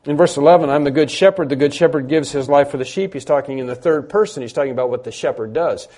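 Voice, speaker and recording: A man's voice: fairly high pitch, fast talker, a little mellow. A man preaching a sermon, emphatic, building through repeated phrases and frequent restarts. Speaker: pastor.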